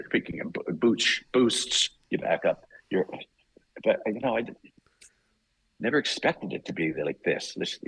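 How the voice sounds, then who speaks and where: An older man with a very low, husky voice tells a story on a podcast. He talks in an emotional, halting way, with many restarts. The sound is close and dry. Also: fairly bright tone, dry recording, rough recording. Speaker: voice actor guest.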